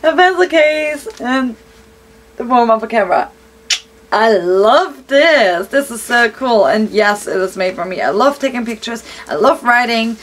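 A young woman with a high voice chats through a casual unboxing vlog, unhurried in her delivery. She gushes freely and swears often. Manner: gushing, excitable, swears often. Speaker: vlogger.

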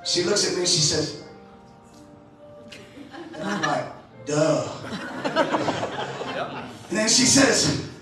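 Texan preacher guy yelling then dropping low, super echoey far-off church sound, faint organ. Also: expressive, slow, long pauses. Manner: shouting, rising and falling, stammered restarts. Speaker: pastor. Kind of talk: fiery preaching sermon. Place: large church sanctuary. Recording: echoey, distant hall mic.

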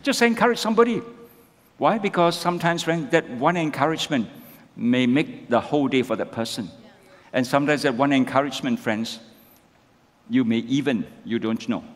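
A male pastor preaching a sermon, asking the congregation rhetorical questions and tagging lines with "isn't it?". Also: mid-range voice. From Malaysia. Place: church sanctuary. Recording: long church hall reverb.

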